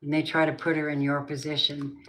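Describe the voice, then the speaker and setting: A woman's voice: low voice, completely flat delivery, brisk, a bit bright, slight background noise, low-quality recording. A woman reading tarot cards for her viewers in a casual, emphatic way, talking to them directly and swearing now and then. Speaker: tarot reader.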